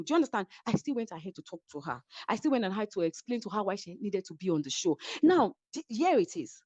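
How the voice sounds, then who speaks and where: Nigerian woman, high and animated, fast dramatic retelling with acted-out quotes, dull dry lo-fi recording. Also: no room sound. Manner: animated, acts out quoted voices, code-switching. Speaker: reality show cast member. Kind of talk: heated casual retelling.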